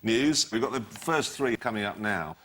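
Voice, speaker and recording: A man's voice: lowish voice, expressive, moderate pace, fairly bright tone. A man hosting a comedy quiz show, reading jokes in a wry way to a studio audience. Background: studio audience laughter.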